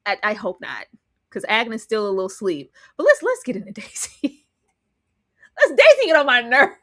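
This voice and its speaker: Sassy, bright-voiced woman recapping TV. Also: fairly high pitch, moderate pace, no room sound, studio quality. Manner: animated, acts out characters' lines with slangy sass. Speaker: podcast co-host. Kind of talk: casual TV recap chat.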